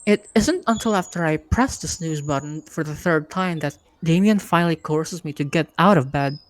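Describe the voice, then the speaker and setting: A woman hosting a live reading night and narrating a first-person story in a steady, easygoing way. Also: sits low, normal speed. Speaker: host and narrator.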